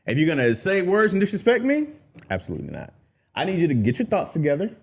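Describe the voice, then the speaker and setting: Animated, fast-talking man debating. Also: sits high, husky. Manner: emphatic, insistent, often laughing. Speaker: podcast co-host. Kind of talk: casual debate.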